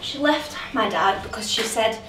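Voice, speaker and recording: A woman's voice: fairly high pitch, animated, background noise, natural voice. A woman playing a lonely grown woman, a drunk, who keeps repeating herself in a stage monologue. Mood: weary. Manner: halting, repeats her words. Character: lonely grown woman, a drunk, waiting for her late dad. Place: theatre stage. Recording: roomy theatre heard from a distance.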